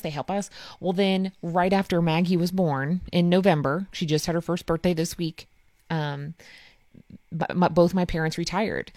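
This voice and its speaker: A woman in her thirties tells a family story in casual chat, animated and full of fillers. Her voice sits a little low. The sound is dry and close. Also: dry recording.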